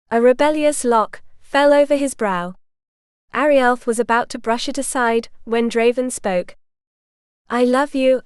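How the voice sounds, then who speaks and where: A woman narrating a historical romance audiobook in a calm, even storytelling manner. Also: on the high side, clear, resonant tone, no room sound, studio quality.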